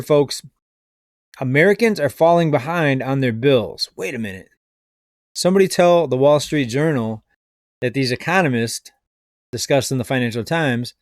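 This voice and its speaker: A man's voice: mid-range voice, no echo, studio quality. A man giving casual video commentary on the economy, skeptical and rambling, addressing viewers as folks. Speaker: finance commentator.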